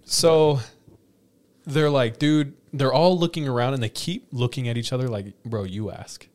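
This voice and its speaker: A man tells a story to friends on a podcast, his voice sitting in a middle pitch. He laughs often and slips into the voices of the people in the tale. The talk is loose and casual. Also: moderate pace, clear, resonant tone. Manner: animated, laughs often, acts out quoted lines. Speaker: podcast host telling a story.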